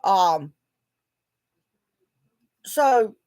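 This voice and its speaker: A woman's voice: mid-range voice, lively intonation, drawn-out words, warm tone. A middle-aged woman speaking bluntly in a video journal, swearing often as she vents her frustration. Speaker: vlogger.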